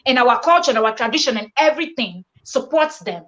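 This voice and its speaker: A woman's voice: fairly high pitch, expressive, fairly quick, a bit bright. A woman from Nigeria with a Nigerian accent, talking animatedly on a live-stream panel and slipping into Pidgin. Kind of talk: casual live-stream discussion.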